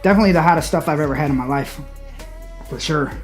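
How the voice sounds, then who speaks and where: A man casually reviewing a hot sauce on his channel, blunt and profane, with loud exclamations. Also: fairly high pitch, fast, faint music behind.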